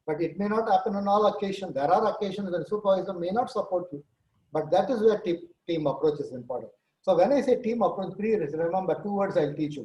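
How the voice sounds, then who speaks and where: A man, a senior nurse leader on a talk show, explaining with lively case stories and acted-out quotes. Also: on the high side, reverberant, poor audio. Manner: animated storyteller, acts out quoted dialogue. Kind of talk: conversational talk-show answers with examples.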